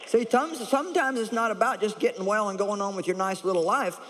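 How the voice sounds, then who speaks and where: A woman preaching a lively sermon, blunt and humorous, chuckling as she teaches. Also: medium pitch, a little fast. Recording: echoey large hall.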